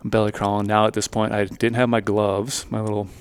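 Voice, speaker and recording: A man co-hosting a hunting podcast, telling a hunting story in lively casual chat and acting out his own thoughts. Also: on the low side, fairly quick, clean tone, no echo. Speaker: podcast co-host and hunter.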